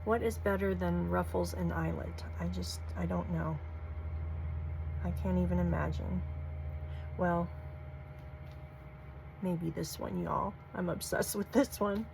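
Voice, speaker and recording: Woman crafting host, low and flat, gravelly, leisurely and gushing. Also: takes it slowly, long pauses, noisy background. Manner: gushing, soft-spoken, folksy. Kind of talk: casual show-and-tell vlog.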